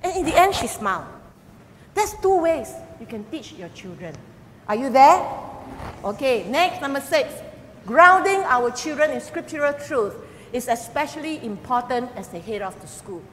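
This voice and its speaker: An older woman, a grandmother, preaching a sermon and telling family stories with animated, expressive delivery. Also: high-pitched, normal speed. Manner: animated storytelling, acting out quoted voices. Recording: long hall reverb, faint background noise.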